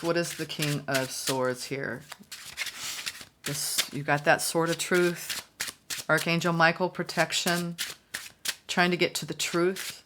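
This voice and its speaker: A woman's voice: sits low, background noise. A woman giving a casual, chatty tarot reading, musing aloud and voicing the viewer's thoughts. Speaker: tarot reader.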